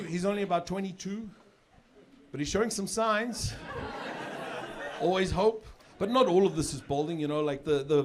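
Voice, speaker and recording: A man's voice: on the high side, noisy background. A middle-aged man with a South African accent doing a chatty stand-up comedy set, often repeating words as he builds a joke. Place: comedy club stage with live audience. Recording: live set with audience laughter.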